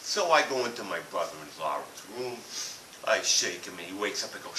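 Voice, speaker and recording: A man's voice: low-pitched, big pitch swings, fairly quick, bright, forceful tone. A man telling a blunt, profane comic rant about a family vacation. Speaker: comedic ranter. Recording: echoey room from far off with hiss.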